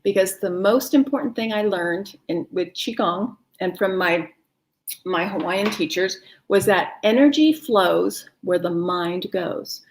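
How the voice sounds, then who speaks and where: A woman with a mid-pitched voice guides a live online wellness class. She speaks in a warm, encouraging, chatty way and laughs easily. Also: measured pace. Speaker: wellness teacher. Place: home, no kids in the house.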